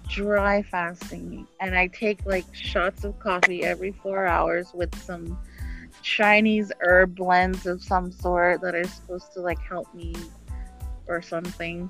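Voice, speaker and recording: A woman's voice: fairly low pitch, steady tone, slow, fairly bright tone, soft background music. A woman co-hosting a casual chat, easygoing and giggly. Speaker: podcast co-host.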